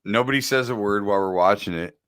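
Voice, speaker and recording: A man's voice: fairly low pitch, quick pace, fairly bright tone, dry recording. Profane, candid man on a podcast. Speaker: podcast co-host. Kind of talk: casual podcast chat.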